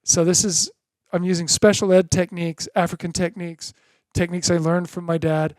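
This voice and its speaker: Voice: medium pitch, level tone, brisk, a little mellow, dry recording, clean studio sound. A drum teacher giving a beginner lesson in an encouraging way, chanting drum syllables in rhythm.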